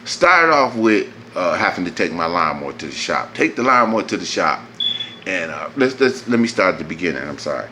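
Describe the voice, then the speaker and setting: Animated man telling a rant. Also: a little fast, slight background noise. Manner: animated, profane, swings up high when exasperated. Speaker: vlogger. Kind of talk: casual storytelling.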